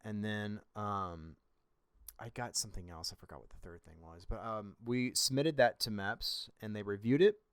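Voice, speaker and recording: A man's voice: on the low side, moderate pace, clear, resonant tone, dry recording, clean studio sound. A young man hosting a podcast, telling a personal story in a blunt, rambling and profane way. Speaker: podcast host.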